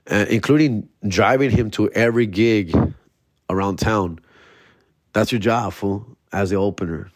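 A man hosting a comedy podcast, telling a story in a loose, slangy way and peppering it with "fool" and "bro", with sudden jumps into a high, excited voice. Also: no room sound, clean studio sound. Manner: slangy, animated retelling, jumps to high excited voice when quoting himself. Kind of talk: casual storytelling.

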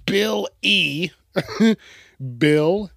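Gravelly, profane man ranting. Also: high-pitched, drawn-out words, fairly bright tone, dry recording, studio quality. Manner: profane, mocking, acts out whiny voices. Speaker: podcast host. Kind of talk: crude comedic rant.

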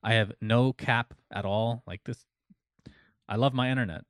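A man's voice: medium pitch, steady tone, normal speed, dry recording, studio quality. A man from Arizona on a casual stream chat, loose and joking.

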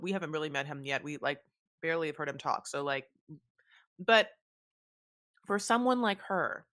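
Animated low-voiced woman podcaster. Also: no echo, studio quality. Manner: animated, swearing, acts out quotes. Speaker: podcast co-host. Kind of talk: casual recap chat.

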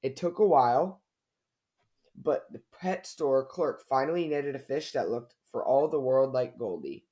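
A man reading a children's storybook aloud in a gentle, unhurried way. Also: medium pitch, expressive.

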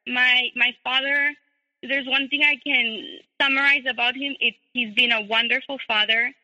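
A woman's voice: high voice, fairly even intonation, moderate pace, bright, forceful tone. A woman guest telling her personal story, hesitant with many fillers. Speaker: interview guest. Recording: tinny phone line with long reverb.

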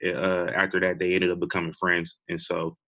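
A man's voice: deep voice, monotone, normal speed, vocal fry, bright, forceful tone. A young man co-hosting a podcast, chatting casually and rambling with lots of fillers and laughs. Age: young adult. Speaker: podcast co-host. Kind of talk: casual wrestling chat.

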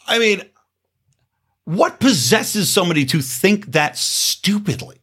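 A man's voice: high-pitched, animated, takes it slowly, a bit bright, slightly rough. A male podcast host with a scratchy throat, ranting in angry, profane, sarcastic political commentary.

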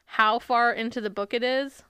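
A woman's voice: on the high side, moderate pace, clean tone, dry recording. Sarcastic, swearing woman podcaster. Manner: sarcastic, swears often, animated retelling. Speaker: podcast co-host. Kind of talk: casual podcast chat.

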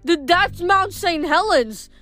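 A woman's voice: very high-pitched, animated, slow pace, sharp tone, voice pushed up, heavily acted. A woman voicing an earnest young male satyr who speaks in an eager, pleading way.

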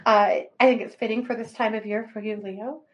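A woman co-hosting a livestream, giving chatty, animated astrology readings and laughing often. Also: on the high side, low-quality recording. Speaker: psychic reader, co-host.

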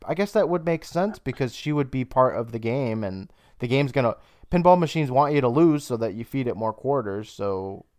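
A young man co-hosting a podcast, casually retelling an episode's plot with laughs and quick bursts of high mock voices. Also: lively intonation, a little mellow, smooth, no room sound, clean studio sound. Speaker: podcast co-host. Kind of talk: casual recap chat.

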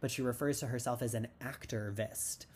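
A man's voice: mid-range voice, steady tone, moderate pace, a little mellow, breathy edge. A man hosting a casual TV recap podcast, rambling and sarcastic with lots of "like". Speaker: podcast host.

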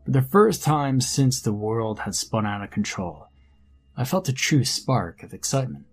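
A man narrating a first-person horror story in a measured, grim storytelling manner. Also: mid-range voice, sing-song, slightly rough. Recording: faint background music under narration.

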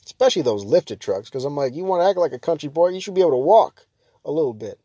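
A man's voice: fairly high pitch, lively intonation, fast, breathy edge, no room sound. Exasperated young man ranting, dry sound. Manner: ranting, exasperated, jumps to loud mock shouts. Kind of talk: casual rant to camera.

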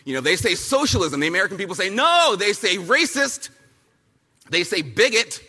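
A man giving a punchy, fiery speech at a youth summit. He repeats lines for effect and mocks people with quick impressions. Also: high-pitched, big pitch swings, pushed and bright, husky. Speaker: speaker at a youth political summit. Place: large hall at a summit, with an audience. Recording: big hall with long reverb and a faint crowd.

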